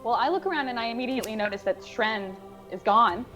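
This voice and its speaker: A woman playing a tabletop game, speaking in a hesitant, halting way. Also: on the high side, a bit bright, soft background music, rough recording. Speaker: player. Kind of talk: tabletop role-play.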